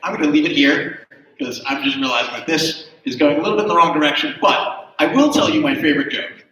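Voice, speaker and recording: A man telling a long joke on stage, acting out the characters' lines loudly. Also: on the high side, fast talker. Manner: animated storyteller, acts out character lines loudly. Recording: echoey hall from far off.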